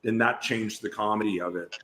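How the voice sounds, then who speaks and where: Man, slightly low voice, bright and forceful tone, rambling interview chat. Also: steady tone, fairly quick. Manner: rambling storyteller, many restarts. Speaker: guest actor.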